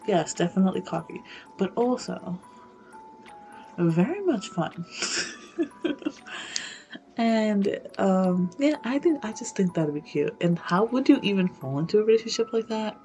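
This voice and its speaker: A woman's voice: mid-range voice, expressive, a little slow, long pauses, a little mellow, faint music behind. A young woman in casual chat, rambling with many fillers and swearing freely.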